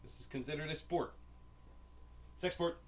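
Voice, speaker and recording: A man's voice: a little high, normal speed, slight background noise. A man co-hosting a podcast, telling casual rambling stories full of swearing and acted-out dialogue. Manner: profane, rambling, acts out quoted dialogue. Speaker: podcast co-host. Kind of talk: casual storytelling chat.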